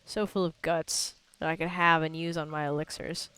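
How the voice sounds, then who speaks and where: A woman's voice: low-pitched, little pitch movement, moderate pace, fairly bright tone, clear, resonant tone. A woman streaming a video game, giving goofy, playful running commentary and swearing casually.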